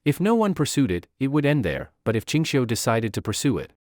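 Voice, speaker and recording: A man's voice: medium pitch, big pitch swings, fairly quick, a little mellow, no echo, studio quality, lightly acted. A man voicing a cautious household servant warning his young master. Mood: worried.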